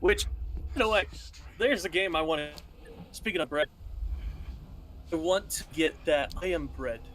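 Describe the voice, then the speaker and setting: Lively rambling male streamer. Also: a little high, a little slow, slight background noise. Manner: rambling, frequent laughter. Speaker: streamer host. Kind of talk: casual gaming chat.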